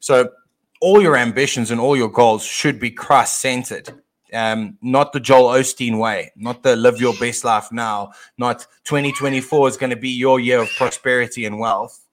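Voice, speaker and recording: A man co-hosting a casual talk show and teaching from scripture, often pausing and repeating words as he thinks aloud. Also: mid-range voice, steady tone, slight background noise. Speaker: podcast co-host and Bible teacher; father.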